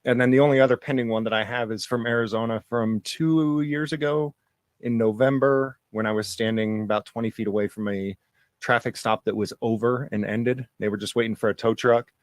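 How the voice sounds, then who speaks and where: Man guest, mid pitch, dry close mic, easygoing and wry storytelling. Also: steady tone, fairly quick, dry recording. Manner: laughs off grim events, easygoing. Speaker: police accountability guest. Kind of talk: casual storytelling.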